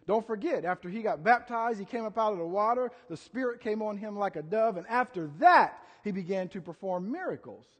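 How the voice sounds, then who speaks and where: A man with a notably high voice preaching a sermon to a congregation. He talks in a loose, conversational way and acts out the scenes he describes. The sound carries the long reverb of a church hall. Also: lively intonation, fairly quick, few pauses, a bit bright. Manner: chatty, storytelling with acted quotes and audience volunteers. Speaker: pastor.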